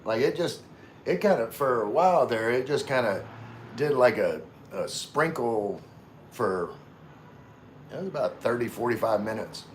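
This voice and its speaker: A man hosting a casual livestream, chatting with viewers in a halting way full of fillers and restarts. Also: mid-range voice, expressive, a little hiss or hum. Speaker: livestream host. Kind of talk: casual live chat with viewers.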